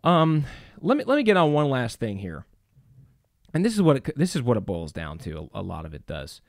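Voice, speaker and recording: A man's voice: mid-range voice, huge pitch swings, fairly quick, creaky, no room sound, clean studio sound. A middle-aged man preaching to a church audience, emphatic, with rhetorical questions and many fillers. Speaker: church speaker. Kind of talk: preaching talk.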